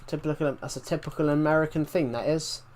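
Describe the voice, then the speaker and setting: A man's voice: fairly high pitch, fairly even intonation, quick pace, darkish tone. A young British man chatting casually while live-streaming a game and reading out viewer comments, rambling with restarts and mild swearing. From Britain.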